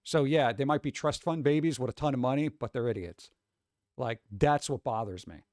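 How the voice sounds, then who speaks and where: Reading posts and chat aloud on his livestream, this man from the U.S. East Coast, where he grew up, rants casually and interrupts with sarcastic, blunt, profane remarks. He has a mid-range, darkish voice at normal speed, recorded at studio quality with no echo.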